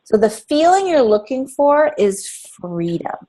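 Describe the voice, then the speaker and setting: A middle-aged woman coaches parents in a loose, conversational way. Her voice sits a little high and swings up and down as she makes her points. She laughs lightly between them. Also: very animated, measured pace, noisy background. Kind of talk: casual talk to parents.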